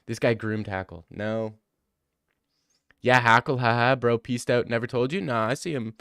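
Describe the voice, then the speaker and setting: A young man in his twenties live-streaming, reading viewers' chat aloud and teasing right back. His voice sounds smooth and clean, sitting at an ordinary middle pitch, and the sound is dry and close. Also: moderate pace, fairly bright tone, no room sound. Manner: joking, teasing, bantering with chat. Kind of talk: casual livestream chat.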